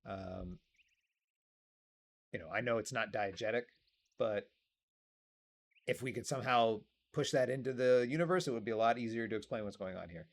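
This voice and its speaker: A man's voice: mid-range voice, moderate pace, gravelly, pauses often. A man hosting a let's play, making wry, joking asides about a game in casual commentary. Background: faint game music.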